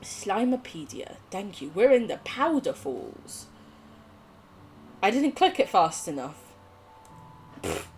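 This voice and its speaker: A woman's voice: medium pitch, sing-song, takes it slowly, pauses often, a little hiss or hum. A young woman streaming a game, chatting casually with viewers, giggling and swearing. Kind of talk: casual live gameplay chat.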